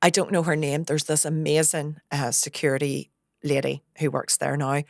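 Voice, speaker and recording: A woman hosting a podcast, chatting casually with quick asides and frequent laughter. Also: sits low, flat delivery, gravelly, dry recording, clean studio sound. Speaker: podcast host and stand-up comedian. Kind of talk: casual chat.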